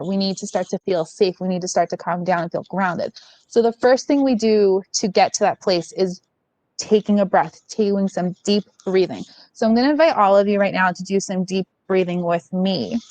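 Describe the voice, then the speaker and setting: A woman's voice: mid-range voice, dry recording, low-quality recording. A woman giving a casual, reassuring workshop talk over a video call and leading a guided breathing exercise, often checking in with "okay?". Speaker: union support presenter.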